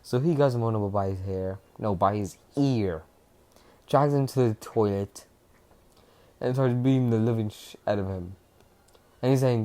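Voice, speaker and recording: A young man casually retelling a fan-fiction story, rambling and rushed, with restarts and swearing. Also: mid-range voice, warm tone.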